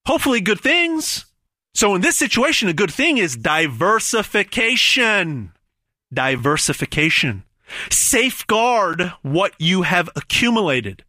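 A man giving a hard-sell gold pitch, emphatic, stumbling over repeated words and pausing dramatically on big numbers. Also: very animated, bright, forceful tone, dry recording, studio quality. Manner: emphatic, stammering repetitions, dramatic pauses on numbers. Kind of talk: hard-sell promotional monologue.

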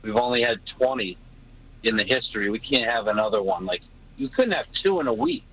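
Brief: male call-in listener, bright tone, keen and insistent. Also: medium pitch, big pitch swings, brisk, creaky, poor audio. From Florida. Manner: eager, emphatic. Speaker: caller.

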